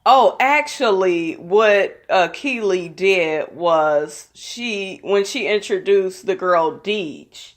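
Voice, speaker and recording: A woman's voice: medium pitch, slow, few pauses. Blunt, foul-mouthed woman recapping gossip. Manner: blunt, profane, opinionated. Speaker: reality TV recap vlogger. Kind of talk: casual gossipy episode recap.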